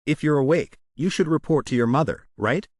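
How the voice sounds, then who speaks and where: A fierce, teasing warrior mother with an axe, read out by a man narrating. The reading stays plain and even in tone, with a lively pitch and a dry, close sound. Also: fairly quick, no echo.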